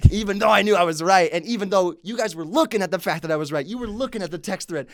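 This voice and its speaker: Male podcast co-host, quick and animated with salty language, dry studio sound. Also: high voice, no echo. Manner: animated, profanity-laced anecdote telling. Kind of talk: casual storytelling chat.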